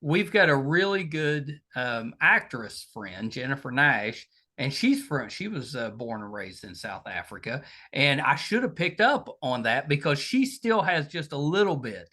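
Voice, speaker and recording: A man with a thick Southern US accent hosts a casual podcast interview. His pitch swings up and down freely as he talks, folksy and eager. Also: measured pace, hardly any pauses. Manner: folksy, enthusiastic, lively intonation. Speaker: podcast host. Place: home studio in Virginia.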